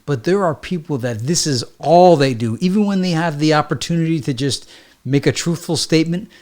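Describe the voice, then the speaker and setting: A man hosting a podcast, talking in a rambling, conversational monologue and acting out quoted exchanges. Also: on the high side. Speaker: podcast host. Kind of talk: casual monologue.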